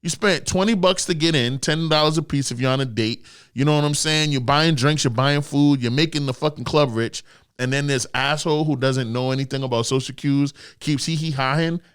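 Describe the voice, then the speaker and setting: A man, a guest comedian, telling a story on a podcast in a loud, animated way full of profane slang. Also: on the high side, fairly quick, clear, resonant tone.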